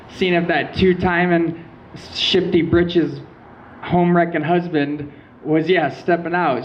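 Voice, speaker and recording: A young man from Michigan doing a stand-up comedy set, telling stories in a deadpan way with quoted asides. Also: fairly high pitch, lo-fi sound, slight background noise. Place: small venue with a live audience.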